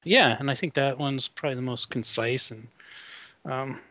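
A man's voice: mid-range voice, moderate pace, bright, forceful tone, dry recording. Male scientist guest, mid-range voice, dry close sound, loose explanatory style. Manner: explanatory, many fillers like "you know". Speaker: neuroscientist guest. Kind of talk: casual interview talk.

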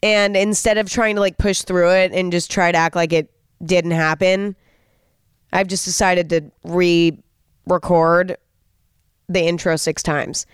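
A woman's voice: on the low side, steady tone, a little slow, clean tone, dry recording, studio quality. A young woman hosting a podcast alone, talking in a candid, chatty way and swearing freely. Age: young adult. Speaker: podcast host. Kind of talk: casual solo podcast monologue.

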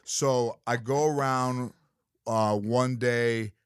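A middle-aged man chatting as a guest on a talk show, his voice of ordinary pitch. He meanders through a story, backing up and restarting as he goes. The sound is close and dry. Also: steady tone, smooth, no room sound. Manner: rambling, halting storytelling with many restarts. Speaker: comedian guest. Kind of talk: casual chat.

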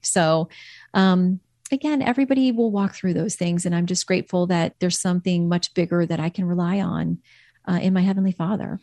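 Earnest, reflective woman guest; lowish pitch, dry close sound. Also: brisk, mellow, dry recording. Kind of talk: personal faith testimony in an interview.

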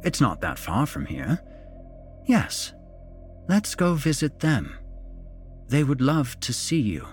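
A man voicing a strange, evasive middle-aged father who talks with robotic, insistent calm. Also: medium pitch, takes it slowly, pauses often, faint music behind, voice pushed up.

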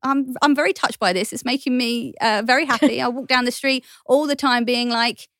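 A woman's voice: on the high side, brisk, fairly bright tone, dry recording, clean studio sound. A woman from East London with a Cockney accent, chatting as a podcast guest and telling a story with frequent laughter. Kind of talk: casual chat.

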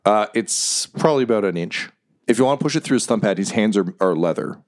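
A man's voice: fairly low pitch, lively intonation, quick pace. A man narrating a tabletop game as game master in a laid-back way, full of fillers.

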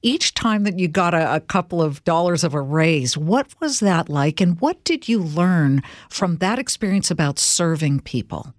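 A woman's voice: fairly low pitch, normal speed, few pauses, dry recording. Woman host, chatty and upbeat, talks straight to the listeners, dry close mic. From California, US. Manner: lively, encouraging, speaks directly to listeners. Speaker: podcast host, interviewer. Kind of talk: conversational interview.

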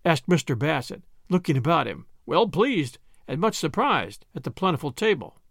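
A man reading a story aloud as narrator, with lively storytelling. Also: a little high, moderate pace, gravelly, few pauses, no room sound, studio quality, soft background music. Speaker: audiobook reader. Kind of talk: scripted narration.

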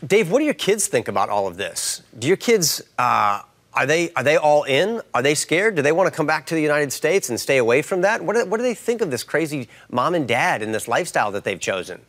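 A man's voice: on the high side, big pitch swings, brisk, a bit bright. A man hosting an interview and asking curious, probing questions. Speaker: host.

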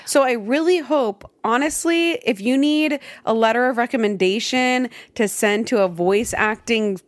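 A woman's voice: on the high side, unhurried, no echo. Podcast co-host, woman, enthusiastic and rambling, dry recording. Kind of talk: casual chat.

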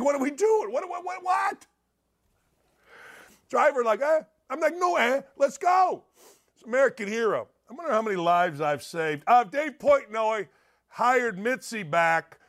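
A middle-aged man hosts a sports talk show with a high, reedy voice. He rambles and jokes, jumping between loud outbursts and low muttered asides. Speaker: sports radio host. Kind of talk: energetic sports talk monologue.

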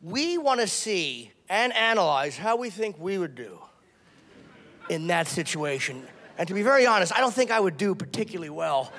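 A man with a high voice performs crude, self-mocking stand-up comedy. He plays short bits in other voices. The set is caught live in a room with long reverb and clear crowd noise. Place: comedy club stage before a laughing audience.

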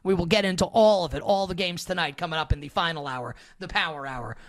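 A man hosting a sports talk show, running quickly through the day's topics and bantering with his co-host. He says "like" a lot. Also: on the high side. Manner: brisk show-opening rundown, heavy use of "like".

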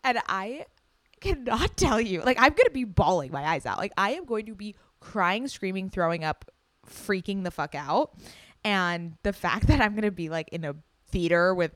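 A young woman hosting a solo podcast, chatting excitedly and gushing, with casual swearing. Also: medium pitch, normal speed, dry recording. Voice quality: loud. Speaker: podcast host.

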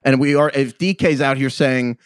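A man co-hosting a casual podcast, arguing his picks with animated, exasperated banter. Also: mid-range voice, normal speed, clean tone, no echo. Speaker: podcast co-host.

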